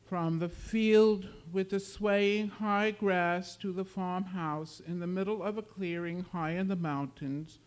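A man giving a slow, dramatic literary reading of his own fiction. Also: high-pitched, fairly even intonation, smooth. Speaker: author reading his work.

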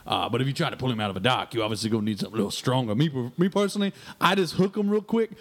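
A man's voice: medium pitch, animated, racing. A man playing a crude, boastful fishing guide who rambles through listener mail on a comedy radio sketch. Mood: brash.

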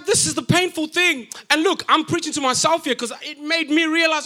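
A young man from Africa preaching in a church, playful and animated as he acts out people's reactions. His voice sits very high for a man and has a bright, forceful edge. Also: normal speed, hardly any pauses. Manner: lively, jokey, acts out reactions with sound effects. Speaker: pastor. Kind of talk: sermon. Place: church auditorium.

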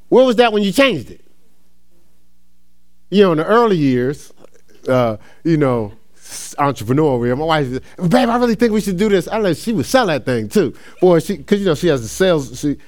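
A middle-aged man from New Jersey preaching a sermon as a laid-back story, laughing often and calling the crowd y'all. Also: sits high. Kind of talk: sermon with personal stories.

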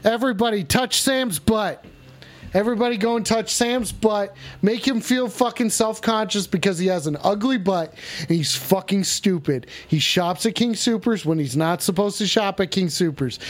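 A man hosting a comedic livestream, swearing through exaggerated mock outrage at his chat. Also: sits high. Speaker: livestream show host.

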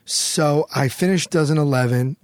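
A middle-aged American man telling a story as a guest in an interview, animated and quick to act out what others said. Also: a little high, dry recording, studio quality. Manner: animated storyteller, acts out quotes, swears freely.

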